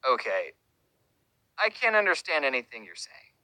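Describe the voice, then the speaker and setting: A woman's voice: a bass voice, sing-song, moderate pace, sharp tone, no room sound, poor audio. A woman telling a comic personal story with a dry, sarcastic delivery.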